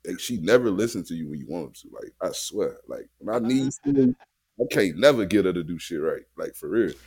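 Male podcast co-host, husky voice with a lively, swinging pitch, rambling. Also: brisk, no room sound. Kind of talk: casual banter.

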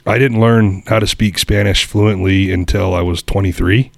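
A man hosting a podcast, chatting casually and rambling through crude, animated stories. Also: low-pitched, moderate pace, vocal fry, no echo, clean studio sound. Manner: rambling, profane, animated storyteller. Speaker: podcast host. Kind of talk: casual chat.

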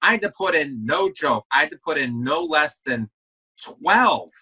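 Earnest man, bright forceful voice. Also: on the high side, animated, unhurried, slightly rough, poor audio. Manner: earnest, repeats words as he restarts. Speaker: podcast guest. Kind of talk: casual interview talk.

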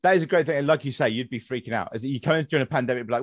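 A young English man chatting casually as a podcast host, his talk meandering through fillers and restarts. His voice sits at a middling pitch and sounds dry and close, with no room around it. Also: expressive, rapid-fire, no room sound. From England. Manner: rambling, with many fillers and restarts. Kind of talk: casual conversational chat.

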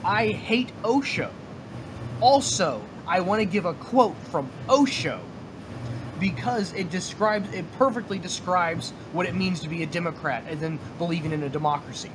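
A man co-hosting a casual podcast discussion, talking in a halting way with many fillers and restarts. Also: high voice, noisy background. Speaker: podcast co-host.

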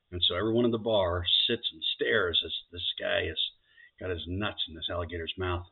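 Animated man telling jokes, tinny audio. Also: low voice, fairly quick, creaky. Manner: animated joke teller doing character voices. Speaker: podcast co-host. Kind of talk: casual joke telling.

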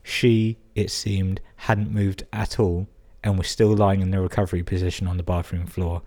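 Speaking at normal speed in a low, level, dark-toned voice, a podcast host works through listener emails. He keeps interrupting them with amused comments that are crude and full of swearing.

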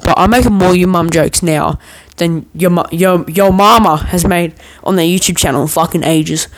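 A male podcaster rambles through a long, joking story, swearing freely and restarting often. His voice is high with fairly even intonation at a normal speed, and the audio is poor.

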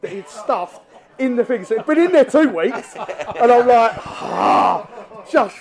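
A man telling animated, laughing stories as a guest angler at a live talk on stage. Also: very high-pitched, normal speed.

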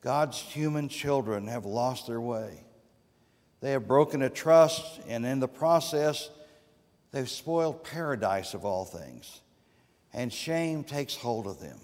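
A man's voice: expressive, slow pace, darkish tone. Man preaching in a reverberant church. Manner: dramatic rises and drops in pitch and volume. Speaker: guest preacher. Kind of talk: sermon. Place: church sanctuary. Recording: long reverb of a church sanctuary.

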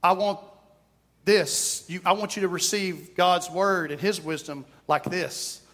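East Texan pastor, folksy joking sermon, high-pitched male voice. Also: unhurried, fairly bright tone. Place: church sanctuary.

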